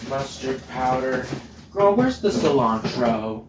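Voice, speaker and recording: A very animated man with a mid-range voice takes his time while hosting a laid-back cooking vlog in his home kitchen. He's playful and talkative, laughing often, and the distant mic gives a roomy sound with background noise.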